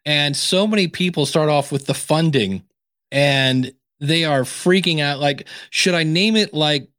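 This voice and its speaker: A man talks casually as a guest on a podcast, animated and bouncing from one anecdote to the next while he acts out the other voices. His voice sits a little on the high side. The recording is dry and close, with no room sound. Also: unhurried, no room sound. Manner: animated storyteller acting out quoted exchanges. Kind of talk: casual interview talk.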